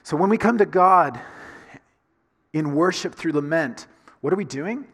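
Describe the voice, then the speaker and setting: A man's voice: on the high side, expressive, measured pace, long pauses, a bit bright, husky, in a large hall. A man from the Southern United States with a Southern accent, preaching a sermon in a conversational way full of rhetorical questions. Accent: Southern American. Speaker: pastor.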